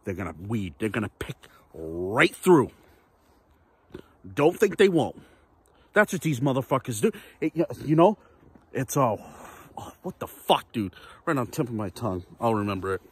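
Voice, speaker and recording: A man's voice: medium pitch, very animated, normal speed, long pauses, slightly rough, no room sound. A man ranting casually to camera in a vlog, profane, rambling and repetitive. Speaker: vlogger.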